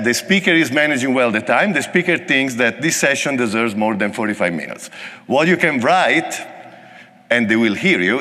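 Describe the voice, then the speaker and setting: A man's voice: mid-range voice, pushed and bright, in a large hall. A man with an Italian accent giving a joking, conversational technical talk at a conference. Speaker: conference presenter. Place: large conference hall.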